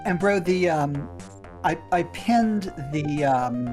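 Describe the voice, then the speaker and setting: A man's voice: fairly high pitch, lively intonation, takes it slowly, a little mellow, soft background music. Rambling, easygoing male co-commentator. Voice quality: rambling, hesitant with fillers. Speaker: tournament organizer and co-commentator. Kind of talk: casual stream commentary.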